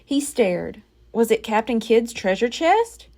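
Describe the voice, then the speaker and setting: A woman reading a children's chapter book aloud as a library storyteller, expressive and unhurried. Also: on the high side.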